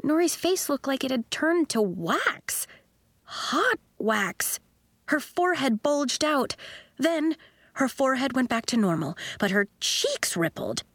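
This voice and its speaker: Speaking slowly in a high-pitched voice, a woman brings a children's audiobook to life, assigning each character their own voice. There is no room sound in the recording.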